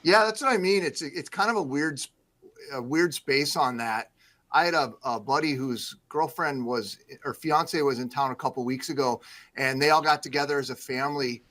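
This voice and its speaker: Man, news anchor, from the Midwest, bright tone, modest, lots of fillers, chatty. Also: medium pitch, moderate pace. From Midwestern United States. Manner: modest, deflecting, with many fillers. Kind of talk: casual radio chat.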